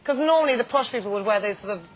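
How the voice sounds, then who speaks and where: A woman's voice: a little high, lively intonation, rapid-fire. Giggly woman gossiping. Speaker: guest. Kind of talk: casual chat.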